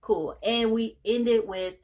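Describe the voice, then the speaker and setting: A woman's voice: on the high side, steady tone, darkish tone. Chatty sassy woman recapping a movie. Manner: chatty, sassy, quick paraphrased quotes.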